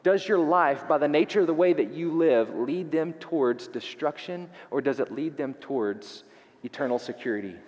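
A man's voice: on the high side, lively intonation, normal speed, darkish tone, big-room sound, dull audio. A man preaching a sermon as pastor, emphatic and fond of repeating rhetorical questions, in a church sanctuary.

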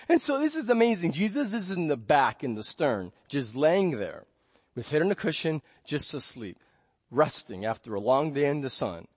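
Animated male preacher, high dry voice. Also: normal speed, breathy edge, no room sound. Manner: animated storytelling, acting out panicked voices; drops to a soft hush for scripture. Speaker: pastor. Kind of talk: sermon. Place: church.

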